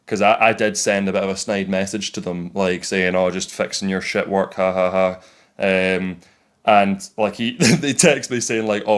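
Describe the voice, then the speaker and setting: A young man telling a story to camera in a casual vlog. He rants in a frank, exasperated way and leans hard on "like" as filler. His voice sits a little low for a man. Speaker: tradesman vlogger.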